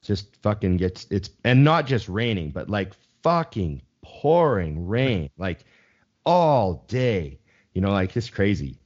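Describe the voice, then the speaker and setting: A young man talks loosely on a podcast, with a very low voice that rises and falls a lot. He rambles, swears freely and restarts his sentences. The recording sounds slightly dull and lo-fi. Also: big pitch swings, slow pace. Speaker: podcast co-host. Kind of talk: casual chat.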